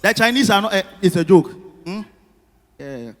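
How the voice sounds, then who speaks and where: A man works a live crowd, his voice pitched high for a man. His talk carries a long hall reverb from the venue. He is animated and keeps turning to the audience with questions. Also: a little fast. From Ghana. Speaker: stand-up comedian. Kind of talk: stand-up comedy with crowd work.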